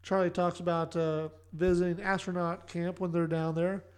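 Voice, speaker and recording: A man with a fairly high voice recaps a TV episode for a podcast in a casual way. He drops dry, joking asides along the way. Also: level tone, moderate pace. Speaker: podcast co-host.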